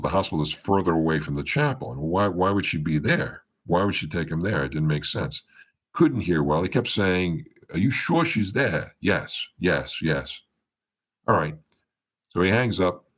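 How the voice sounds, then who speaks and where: A man with a strikingly low, deep voice tells a long story as a podcast guest. He rambles and restarts his sentences, and his voice jumps up and down as he acts out what people said. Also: lively intonation, moderate pace. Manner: meandering retelling with many restarts, acting out quoted dialogue. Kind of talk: storytelling in a casual interview.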